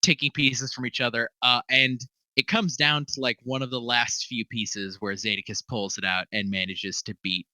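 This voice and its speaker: A man's voice: medium pitch, steady tone, moderate pace, few pauses, bright, forceful tone, no room sound, rough recording. A man narrating a tabletop game as game master, rambling with lots of fillers and laughing often.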